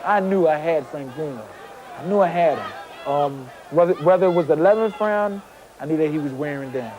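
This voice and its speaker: Halting, higher-voiced man telling a story. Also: lively intonation, a little mellow, a faint crowd, slight background noise, low-quality recording. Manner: halting, repeats words, acts out quotes. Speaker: former boxer interviewee. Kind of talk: interview storytelling.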